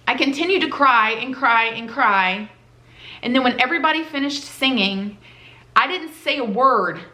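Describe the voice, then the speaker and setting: A woman's voice: fairly high pitch, expressive, normal speed, sharp tone. A woman telling a personal story on her vlog in a casual, heartfelt, conversational way. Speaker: vlogger. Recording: roomy echoey room.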